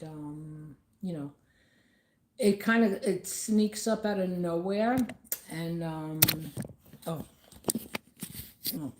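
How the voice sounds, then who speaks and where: A woman with a low, mellow voice talks to camera from her home. Her speech rambles and stops often, full of "um" and restarts. The room gives a roomy echo. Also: a little hiss or hum. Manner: rambling and halting, many fillers. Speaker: vlogger. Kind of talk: casual talk to camera about grief.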